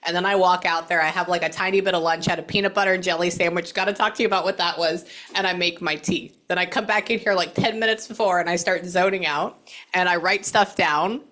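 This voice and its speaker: Bright-voiced chatty woman medium. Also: fairly low pitch, steady tone, fast. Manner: chatty, rambling, swears casually. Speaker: psychic medium. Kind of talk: reading session with a client.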